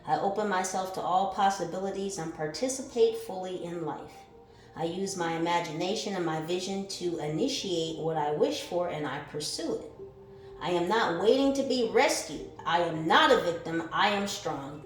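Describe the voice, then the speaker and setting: A woman giving a spiritual card reading who swings between calm, musing questions and loud, fired-up exclaiming, reading affirmations aloud and swearing casually. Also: fairly low pitch, moderate pace. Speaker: tarot reader. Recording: echoey room with faint music behind.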